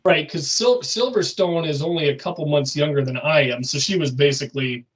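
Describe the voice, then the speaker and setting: Male co-host, chatty and agreeable, slightly raised pitch, a bit distant from the mic. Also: brisk. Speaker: podcast co-host. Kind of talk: casual chat.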